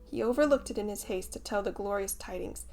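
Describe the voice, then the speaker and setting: A woman's voice: mid-range voice, a little fast, creaky, a little mellow, soft background music. Woman narrating a storybook. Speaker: audiobook narrator.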